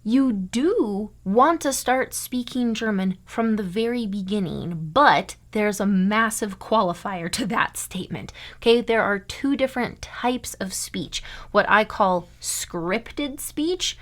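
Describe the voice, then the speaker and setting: A woman's voice: medium pitch, lively intonation, takes it slowly, hardly any pauses. A young American woman from Iowa teaching a German lesson online, emphatic and often checking in with "okay?" and "right?". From United States (Iowa).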